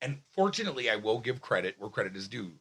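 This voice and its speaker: Young male comic, loud and profane, bright gravelly voice, excitable storyteller. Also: fairly low pitch, quick pace. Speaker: comedian guest. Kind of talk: animated storytelling in casual chat.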